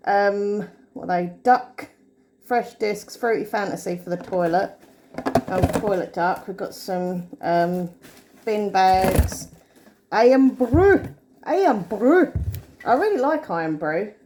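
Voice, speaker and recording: A woman's voice: medium pitch, animated, unhurried, darkish tone, a little hiss or hum. A woman, rambling and thinking aloud to the camera while vlogging her day at home and out and about. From England. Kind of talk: casual day-in-the-life vlog chat.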